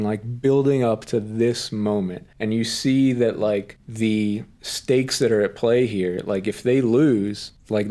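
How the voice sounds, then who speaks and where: A man's voice: on the low side, dark tone. A man co-hosting an anime recap podcast, retelling scenes in a casual, enthusiastic way full of fillers and quoted lines. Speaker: podcast co-host.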